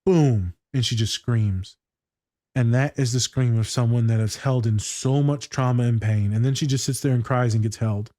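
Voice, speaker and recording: A man's voice: medium pitch, fairly even intonation, normal speed, dark tone, dry recording, studio quality. A man chatting casually as a podcast co-host and school therapist, telling stories in slangy, profane talk. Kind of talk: casual chat reacting to a TV scene.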